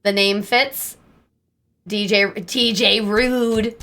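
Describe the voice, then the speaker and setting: A young woman streaming live, chatting casually with viewers in a bubbly, self-deprecating way and breaking into squeaky exclamations. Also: steady tone, very slow, bright, forceful tone.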